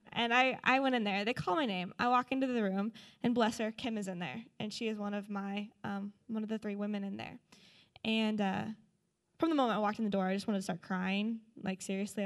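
A woman's voice: medium pitch, brisk. A young woman telling a personal testimony to a church group, earnest and full of fillers. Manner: earnest storytelling, many fillers. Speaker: church member sharing a testimony.

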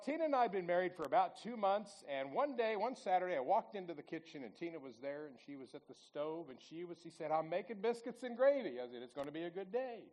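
A man's voice: on the high side, darkish tone, poor audio. A man in his sixties giving a folksy storytelling talk at church, chatting with the audience and asking them questions. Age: 60s.

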